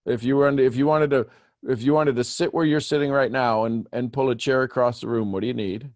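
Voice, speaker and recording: A man leads a group coaching session over a video call. His voice jumps up high when he gets animated and teases the group. The sound is dry and close, with no room around it. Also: fairly quick, no echo. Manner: animated, teasing, questioning step by step. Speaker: host coaching callers.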